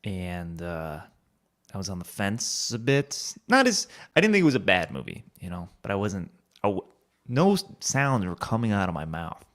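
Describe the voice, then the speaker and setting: A man's voice: low voice, very animated, normal speed, a bit bright. A man co-hosting a casual podcast, hesitant and self-correcting. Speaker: podcast co-host. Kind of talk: casual chat.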